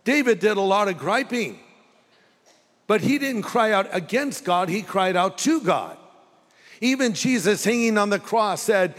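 A pastor preaching a sermon, with dramatic pauses and rhetorical questions. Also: male voice, high voice, animated. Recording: long hall reverb.

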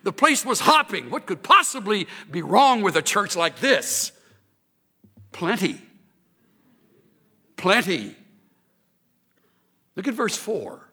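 Guy preaching, kinda high voice, bouncy and emphatic, big hall echo. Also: big pitch swings, slow pace, long pauses, pushed and bright, breathy edge. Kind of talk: sermon.

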